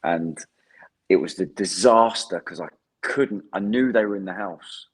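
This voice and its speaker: A man's voice: sits low, husky. An English man in his thirties, a former footballer chatting as a podcast guest, laughing often and restarting his sentences. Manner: laughs often, self-deprecating, halting restarts. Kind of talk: casual interview chat.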